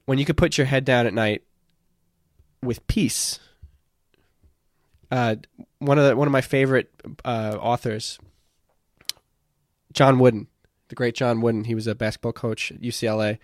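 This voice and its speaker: Brief: encouraging male podcast host, mid-pitched, close and dry. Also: steady tone, moderate pace, pauses often, no echo. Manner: earnest, encouraging, repeats words while thinking. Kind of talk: casual podcast conversation.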